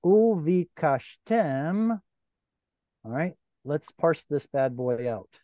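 A man's voice: medium pitch, a little slow, dark tone, no room sound. A man teaching a Hebrew class over a video call, patiently explaining grammar step by step.

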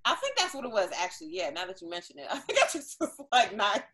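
A young woman co-hosting a casual podcast, telling a story with lively acted-out quotes. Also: a little high, fast talker, background noise. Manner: animated storyteller who acts out quoted voices. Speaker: podcast co-host.

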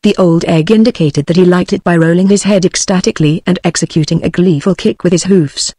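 A text-to-speech woman's voice with a British English accent, reading a story aloud as an audiobook narrator in an even, measured way. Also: on the low side, breathy edge, dry recording, studio quality.

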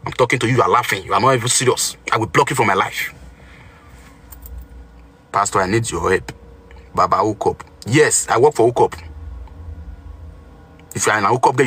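A Nigerian man talks fast on a livestream, boasting about his power as a pastor. His voice is bright and tense, with a husky edge, and he scolds his audience in an indignant, boastful way. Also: medium pitch. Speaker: self-styled pastor on a livestream. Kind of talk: livestream rant to viewers.

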